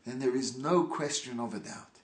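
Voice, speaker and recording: A male rabbi giving a sermon, slow and emphatic with dramatic pauses. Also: medium pitch, echoey room.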